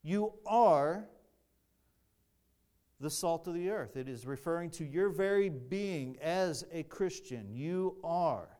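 Slow, deliberate preacher man. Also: a little high, a little mellow. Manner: deliberate, repeats and restarts phrases, emphatic. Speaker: pastor. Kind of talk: sermon.

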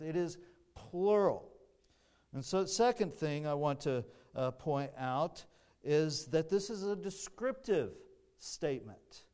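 A man preaching a sermon as pastor, deliberate and emphatic, often repeating and restarting his phrases. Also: fairly high pitch, animated, a little mellow.

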